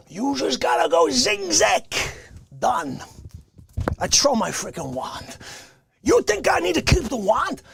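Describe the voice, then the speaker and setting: A man putting on a hot-tempered, indignant Bronx character with a Bronx accent, yelling complaints in an improvised comedy bit. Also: very high voice, pitched above the performer's own voice, full character voice. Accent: New York Bronx, put on. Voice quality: gravelly, raspy, explosive shouting.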